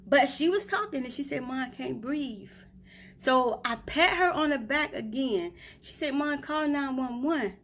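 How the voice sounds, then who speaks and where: A woman's voice: on the high side, a bit bright, a little hiss or hum. A grieving mother live streaming from a hotel room, retelling events emotionally and often checking in with "right?".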